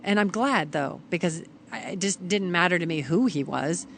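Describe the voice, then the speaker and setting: Woman, middle-aged, from Kentucky, lively podcast storyteller, lowish voice, faint hiss. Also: normal speed, vocal fry. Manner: animated, acts out others' lines when quoting them. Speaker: podcast guest. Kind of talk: storytelling in casual conversation.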